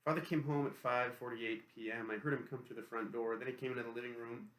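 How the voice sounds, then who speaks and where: Brisk man narrating an audiobook. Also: mid-range voice, fairly even intonation, a bit bright. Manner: brisk, matter-of-fact, literal reading. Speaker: audiobook reader. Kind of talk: first-person novel narration. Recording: roomy echo.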